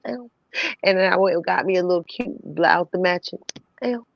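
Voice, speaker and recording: A woman telling a personal story in casual chat, animated and laughing, swearing freely. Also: on the low side, normal speed, gravelly. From New York City. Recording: dull, dry sound.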